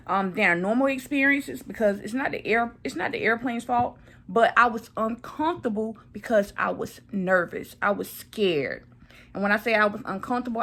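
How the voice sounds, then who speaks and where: A woman's voice: medium pitch, fairly bright tone. A woman in her thirties talking casually to camera, recovering from surgery and repeating phrases for emphasis. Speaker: vlogger.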